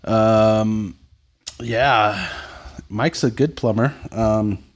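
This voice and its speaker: A man's voice: fairly low pitch, extremely slow. A man hosting a casual live chat show, joking easily and thanking viewers as he reads their comments. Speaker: podcast host.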